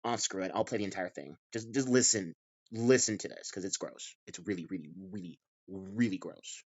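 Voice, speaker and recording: A man delivers a reaction commentary in an exasperated tone, repeating himself and restarting his sentences. His voice sits a little low. The recording is dry and muffled, with a lo-fi quality. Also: normal speed, husky, dry recording. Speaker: commentary channel host.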